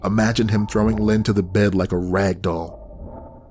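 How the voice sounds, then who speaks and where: Low-voiced man narrating horror. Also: little pitch movement, measured pace, darkish tone, slight background noise. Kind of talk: scripted horror audiobook narration.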